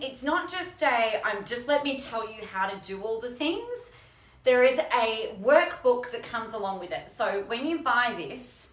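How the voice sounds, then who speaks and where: Woman, casual vlog host, excitable and gushing, voice slightly high. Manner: gushing and excitable, bursts of squealing. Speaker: host unboxing her own book. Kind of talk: casual live video chat. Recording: roomy echo.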